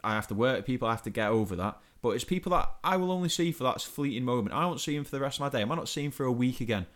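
A young man co-hosts a podcast, ranting in exasperation and tripping over repeated words in a casual, comedic way. His mid-range voice is a bit bright, with lively intonation, and he talks very fast.

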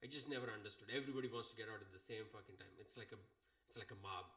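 A man's voice: lowish voice, very fast. Exasperated man ranting casually. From India. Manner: exasperated, profane, animated. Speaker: podcast host. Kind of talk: casual storytelling rant.

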